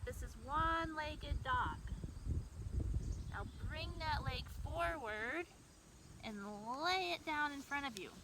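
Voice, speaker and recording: A woman guiding a children's yoga class outdoors, speaking gently and encouragingly to kids from a distance away from the camera. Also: high voice. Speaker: kids' yoga teacher. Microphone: camera mic from far away. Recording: distant voice with outdoor background noise.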